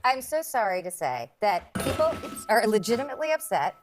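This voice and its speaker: A woman on a televised panel debate, asking pointed questions and softening her points with apologies. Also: mid-range voice, sing-song, a little fast, noisy background. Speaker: panel commentator.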